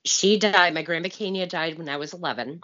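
A woman's voice: lowish voice, brisk, sharp tone, lo-fi sound. A woman in her forties co-hosting a podcast, chatting casually with wry, blunt asides and telling a personal story. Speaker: podcast co-host.

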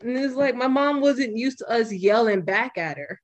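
A young woman hosting a podcast, talking bluntly and with plenty of swearing in a casual, animated way. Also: fairly high pitch, normal speed. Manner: blunt and profane, animated retelling. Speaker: podcast host.

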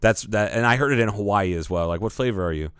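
A man's voice: lowish voice, fast, a bit bright, smooth, dry recording, studio quality. A man co-hosting a podcast, telling stories in casual chat, quoting people and swearing freely. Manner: storytelling, quotes people, swears. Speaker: podcast co-host. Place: podcast studio.

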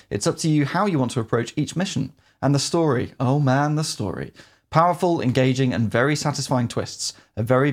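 A man's voice: mid-range voice, darkish tone. A man co-hosting a casual gaming podcast, wry and opinionated, sometimes reading out a review, often laughing. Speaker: podcast co-host. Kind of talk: casual gaming chat, partly read review.

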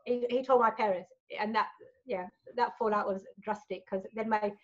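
A woman's voice: medium pitch, steady tone, moderate pace, lo-fi sound. A woman telling personal stories as a podcast guest, frank and sweary, tagging lines with right and you know. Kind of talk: candid storytelling in a podcast chat.

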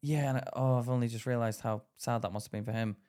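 A man co-hosts a casual podcast, talking fast in a mid-range voice. He's animated, laughs a lot and acts out quotes while he chats and tells stories.

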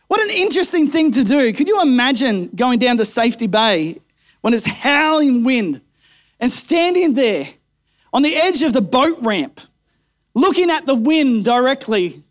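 A male pastor preaches in an unusually high voice. He drops into hushed, intense stretches, then rises again into emphatic, repeated appeals. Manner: dramatic, swings between quiet intensity and rising emphasis. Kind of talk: sermon.

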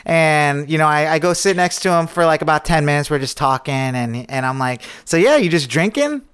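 A man's voice: fairly high pitch, flat delivery, fairly quick, a bit bright, clean tone. A man co-hosting a podcast in casual chat, laid-back and rambling as he talks. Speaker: podcast co-host.

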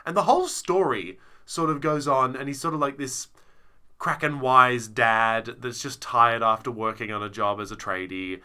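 Bright-voiced man rambling through a review. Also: mid-range voice, normal speed, clear, resonant tone. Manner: rambling, self-interrupting with many fillers. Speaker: podcast co-host. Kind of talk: casual chat reviewing a show.

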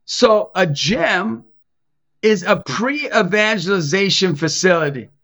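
A man's voice: high-pitched, slow pace, highs cut off. A middle-aged man, a Catholic evangelist and youth basketball coach, telling stories in a casual chat and acting out the voices of the people in them. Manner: animated, acts out quoted voices in his stories. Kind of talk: casual storytelling in a podcast chat.

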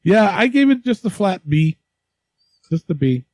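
A man co-hosting a casual wrestling podcast, rambling and profane, quick to laugh. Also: sits high, sing-song, a little mellow, no room sound. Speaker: podcast co-host.

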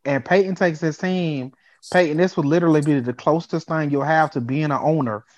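A man co-hosting a casual sports podcast, talking in an animated, excitable way and riffing with his co-host. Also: fairly high pitch, brisk, dull audio.

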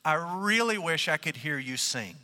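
A man voicing a sly male fox who flatters smoothly, in a storytelling talk recorded in an echoey hall. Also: on the high side, moderate pace, heavily acted. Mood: flattering.

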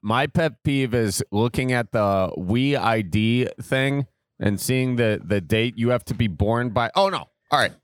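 A man's voice: medium pitch, unhurried, dry recording, studio quality. Rambling sarcastic young man on a podcast. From Wisconsin. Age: 20s. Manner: rambling, sarcastic, trails off mid-sentence. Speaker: podcast co-host. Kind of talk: casual podcast banter.

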